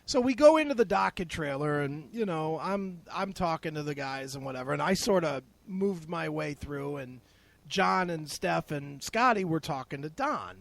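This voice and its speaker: A man's voice: on the high side, lively intonation, moderate pace, vocal fry, a bit bright, no room sound. A man hosting a casual podcast chat, laid-back, laughing often and swearing freely. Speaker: guest host.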